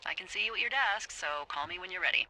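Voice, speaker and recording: A playful, sarcastic lookout boss crackling through a walkie-talkie in a video game. Her voice bounces up and down with lively intonation and a bright, sharp edge. She teases and swears with easy confidence. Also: fairly low pitch, fast talker, full character voice. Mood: teasing. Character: wry, teasing, bossy woman lookout boss on radio. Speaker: fire lookout supervisor.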